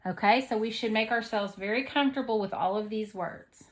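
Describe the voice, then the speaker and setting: A woman teaching a second grade grammar lesson. She explains step by step, reads example sentences aloud slowly and checks in often with "okay?". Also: on the high side. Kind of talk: online grammar lesson for children.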